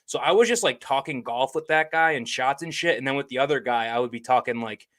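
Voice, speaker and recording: A young man co-hosting a casual golf podcast, telling stories in an excitable way, swearing freely and acting out what people said. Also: mid-range voice, quick pace. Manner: excitable storyteller, swears freely, acts out quotes. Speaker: podcast co-host.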